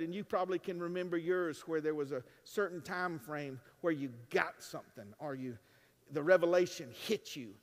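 Male pastor, high tenor, dynamic preaching with humor, church reverb tail. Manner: dynamic preaching, swings from hushed to loud, joking asides. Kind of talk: sermon. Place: church sanctuary. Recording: long reverb of a large church.

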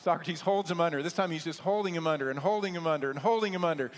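A man with a fairly high voice preaching a sermon, leaning on repetition and rhetorical questions. His words echo through a large hall with a long reverb tail. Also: rapid-fire. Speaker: pastor.

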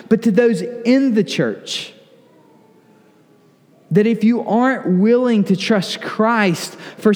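A pastor delivering an earnest sermon, slowing down for emphasis and sometimes dropping to a near-whisper. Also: male voice, on the high side, a little mellow. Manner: earnest preaching, slows for emphasis, drops to near-whisper on lists. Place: church sanctuary. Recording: long church hall reverb.

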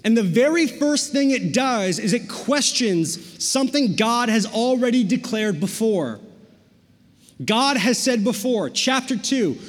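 A man's voice: extremely high pitch, animated, unhurried, long reverb tail. A man preaching a sermon as a pastor, joking and casual, with slang asides between verses.

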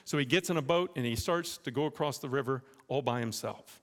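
A man's voice: mid-range voice, fairly quick, few pauses. A man preaching a sermon as pastor, telling stories and making direct appeals to the congregation. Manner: animated storytelling, direct appeals. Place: church. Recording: echoey church hall.

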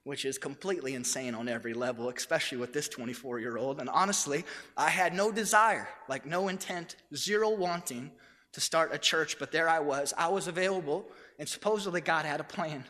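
A man in his thirties, a pastor, preaching a sermon with energetic, self-deprecating storytelling. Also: on the high side, fairly quick. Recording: echoey hall.

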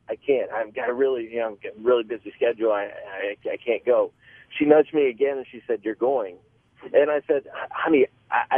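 A man's voice: mid-range voice, no echo. Earnest man calling in by phone. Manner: earnest, halting storyteller with many restarts. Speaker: caller. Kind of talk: call-in testimony. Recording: tinny phone line.

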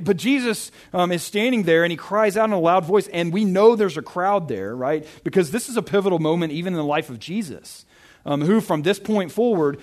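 A young man giving a casual, conversational sermon, reading scripture and often checking in with "right?". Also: high-pitched. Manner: chatty, self-interrupting, often asks "right?". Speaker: pastor.

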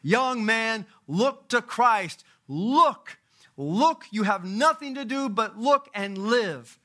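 A man acting out an old country lay preacher who shouts and repeats his plea in rustic grammar. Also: high-pitched, moderate pace, voice pushed up. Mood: exhorting.

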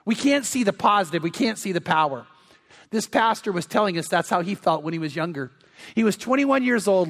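A man's voice: sits high, fairly bright tone, big-room sound. A male pastor preaching a sermon, telling stories candidly and acting out the voices of the people in them. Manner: storytelling, acting out quoted voices.

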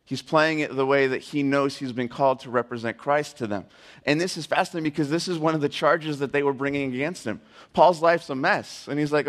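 A man giving a sermon, talking conversationally and slowing down to read scripture aloud. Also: a little high, fairly bright tone. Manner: earnest, conversational preaching with slow scripture readings. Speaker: pastor. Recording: long reverb of a hall.

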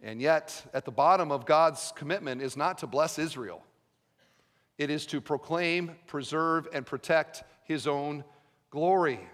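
A man preaching a sermon as pastor, emphatic, with rhetorical questions and sudden drops to a quiet voice. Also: fairly high pitch, a little slow, in a large hall.

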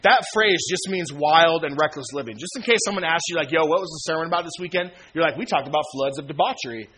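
A male pastor in his thirties delivers a sermon in loose, conversational slang, often acting out exchanges with friends. His voice sits a little high and sounds bright and forward. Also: fast. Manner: casual, slangy, acts out quoted friends with laughs.

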